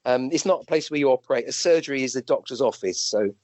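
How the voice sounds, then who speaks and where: British male guest, a doctor telling anecdotes; chatty, restarts a lot, pitch leaps up, dry room. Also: fast, no echo. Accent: British English. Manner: animated, rambling anecdotes with restarts and acted-out quotes. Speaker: guest, physician and medium. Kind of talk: conversational storytelling.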